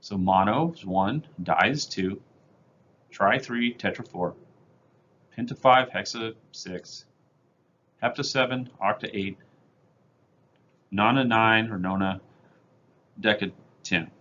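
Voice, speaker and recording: A man's voice: lowish voice, slow pace, pauses often, a bit bright, highs cut off, slight background noise. A male chemistry teacher giving a recorded lecture over slides, explaining step by step in a plain, methodical way with casual fillers.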